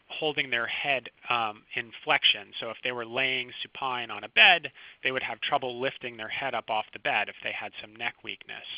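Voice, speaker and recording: A man, a physician, giving a recorded medical lecture over slides, explaining clinical signs in a calm, teaching manner. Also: medium pitch, dry recording. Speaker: physician lecturing first responders. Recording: dry, slightly dull close recording.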